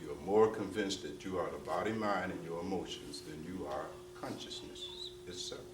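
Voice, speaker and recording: This is a man with a low voice speaking at normal speed amid background noise. As a spiritual teacher addressing a gathering, he is forceful and repetitive, peppering his talk with "you see?" and street slang, all captured on a distant mic with roomy, faint ambience.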